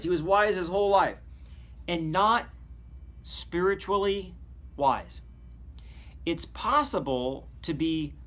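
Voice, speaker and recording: A man preaching a devotional sermon, reading verses aloud and then explaining them in a conversational way, moving between emphatic lines and low, quiet asides. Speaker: pastor.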